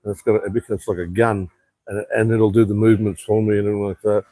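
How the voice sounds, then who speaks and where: Aussie guy streaming off his phone at a rooftop bar, reads comments, swears a lot, low voice. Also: little pitch movement, quick pace, mellow, no echo. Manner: rambling, swears freely, reads viewer comments aloud. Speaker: live streamer. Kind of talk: casual live stream chat. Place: outdoor rooftop bar on an island.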